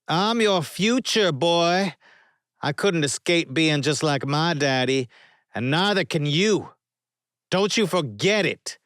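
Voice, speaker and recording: A man's voice: on the high side, expressive, takes it slowly, a bit bright, no room sound, studio quality, voice pushed up. A man voicing a cruel, taunting father figure who mocks his son. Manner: mocking, taunting.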